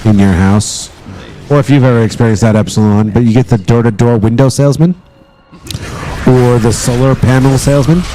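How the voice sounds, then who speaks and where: A man's voice: mid-range voice, dark tone, slight background noise. A man chatting casually on a live stream, joking and swearing as he rambles.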